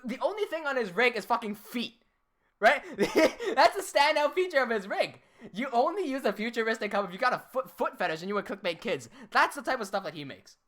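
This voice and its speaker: A woman hosts a livestream and rants about a rival, cursing freely and breaking into laughter. Her voice is animated, with a wide-swinging pitch. She's a little tipsy and keeps getting more worked up. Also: a little fast. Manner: heated, profane ranting with frequent laughter. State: a bit tipsy from drinking. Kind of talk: livestream rant.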